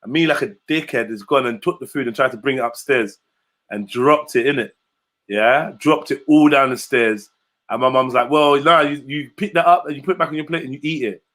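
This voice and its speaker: A middle-aged man, telling a casual story in a group chat and acting out the quoted voices. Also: a little fast. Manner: animated storyteller, acts out quotes with big pitch jumps. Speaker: host.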